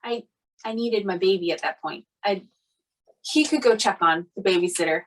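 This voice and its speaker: A woman's voice: mid-range voice, moderate pace, low-quality recording. A woman co-hosting a podcast, chatting casually and teasing her husband in a matter-of-fact way. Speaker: podcast co-host. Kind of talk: casual chat.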